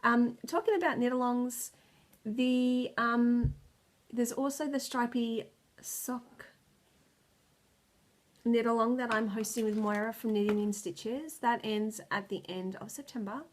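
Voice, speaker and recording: A tired, stressed woman, close to tears, hosts a knitting video podcast and chats casually. She rambles, loses her words and laughs often, in a slightly high voice at a slightly slow pace.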